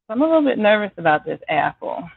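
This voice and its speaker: A woman chatting with her viewers by name while she cooks in her home kitchen on a live stream, apologizing now and then as she clears a scratchy throat. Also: mid-range voice, big pitch swings, fast talker, dry recording. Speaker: home cook hosting a live cooking stream. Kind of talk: casual live-stream chat while cooking. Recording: dry, tinny phone-like sound.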